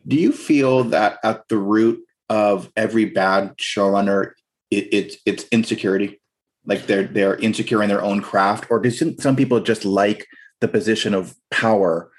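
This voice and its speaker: A man's voice: fairly low pitch, moderate pace. A man co-hosting a podcast, asking a musing question and repeating words as he thinks aloud. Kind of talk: interview questions, casual chat.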